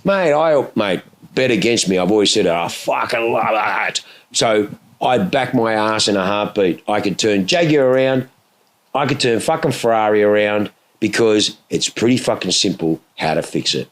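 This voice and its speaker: Middle-aged host, swears freely, lower voice, pitch swinging widely through his stories. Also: normal speed. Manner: profane, animated storyteller. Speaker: podcast host. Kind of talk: casual chat.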